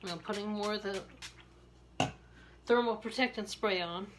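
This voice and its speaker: A woman's voice: mid-range voice, a little slow, background noise. A woman with a Maryland accent chatting casually and rambling, laughing often as she styles her hair. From Maryland, USA. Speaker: beauty vlogger. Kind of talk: casual chat while styling hair.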